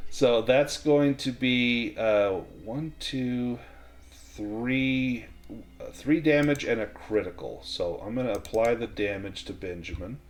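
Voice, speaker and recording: A man as game master of a tabletop western game, calmly explaining the rules step by step. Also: on the low side.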